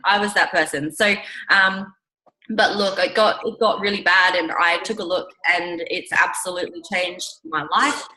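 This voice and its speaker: A woman with a husky morning voice, a little sick, giving an upbeat, chatty talk as a guest speaker on a conference call and often asking her listeners questions. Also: lowish voice, fairly even intonation, moderate pace, bright, forceful tone, low-quality recording.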